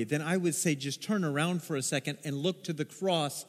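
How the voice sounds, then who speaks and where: A man preaching a sermon as pastor, telling stories with animated acted-out voices. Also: a little high, fairly quick, hardly any pauses. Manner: animated storytelling, acts out voices in quotes. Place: church sanctuary. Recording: long hall reverb.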